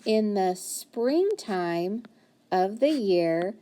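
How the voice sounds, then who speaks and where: Woman teacher, slow and deliberate, breaks words into sounds for young readers. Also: mid-range voice, expressive, dark tone. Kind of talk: phonics lesson, decoding words aloud.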